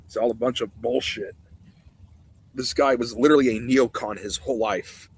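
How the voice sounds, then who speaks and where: A man's voice: mid-range voice, fairly even intonation, normal speed, breathy edge, low-quality recording. A man streaming live, reacting to a TV clip with sarcastic, mocking rants.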